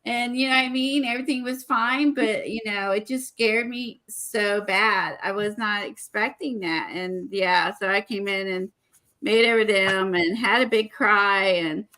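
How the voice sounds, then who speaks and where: A woman with a bright, forceful voice, chatting casually to her viewers. She tells a long personal story loosely, with frequent fillers and restarts. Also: medium pitch, fairly even intonation, measured pace. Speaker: art vlogger. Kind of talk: casual chat.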